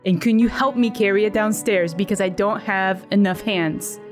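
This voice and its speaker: A woman's voice: mid-range voice, normal speed, over music, natural voice. A woman in an improv comedy scene playing a dopey, bewildered male chipmunk sidekick who talks in a flustered, protesting way.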